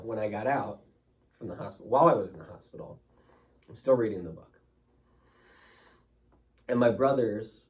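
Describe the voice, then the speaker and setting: A man's voice: on the low side, a little mellow, recorded from a distance, muffled recording. A man speaking as a guest in an interview, telling his story candidly and emotionally, loose with fillers like "like" and "you know".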